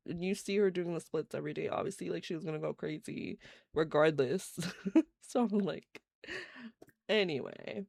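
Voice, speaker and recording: A woman's voice: fairly low pitch, moderate pace, vocal fry, darkish tone, no room sound. A woman streamer giving casual, giggly commentary on a life-simulation game while she plays live. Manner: chatty, giggly, reacts to gameplay. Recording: faint game music behind.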